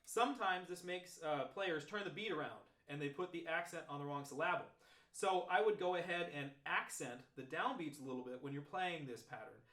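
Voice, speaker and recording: A man walks through trombone practice methods in a relaxed, explanatory teaching tone. His voice sits on the higher side for a man. The room gives it a noticeable echo. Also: brisk. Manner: relaxed, explanatory, talks through examples step by step. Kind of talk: demonstrating practice techniques. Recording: roomy echo.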